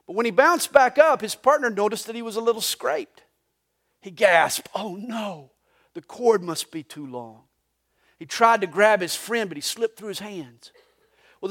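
Man, pastor, lively sermon in church, high voice, folksy anecdotes and humor. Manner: storytelling with jokes and anecdotes. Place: church sanctuary during a live service.

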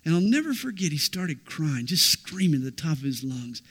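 A middle-aged pastor preaches with a voice that sits a little high for a man. He swings from ringing declarations down to near-whispered, intimate stretches of storytelling. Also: big pitch swings, moderate pace, hardly any pauses, slightly rough. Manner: dramatic swings from loud declaration to hushed intimacy. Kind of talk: sermon.

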